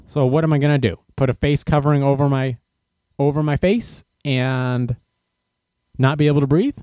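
Sarcastic and incredulous, a runner vents to camera in a casual monologue recorded indoors in a room. His voice is slightly high and dark-toned, a little fast, captured at studio quality with no room sound.

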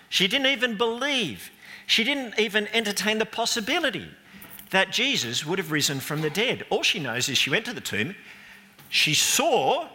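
A man's voice: a little high, bright, forceful tone. A man giving an all-age Easter sermon, playfully coaching volunteers through a re-enactment with running stage directions. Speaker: pastor. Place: church. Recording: reverberant church hall.

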